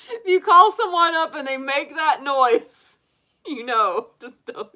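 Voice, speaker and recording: Her voice is high-pitched and sharp, with big pitch swings and a moderate pace, as this middle-aged woman hosts a tarot livestream. She talks casually with viewers, laughs a lot, and fills her speech with likes and restarts.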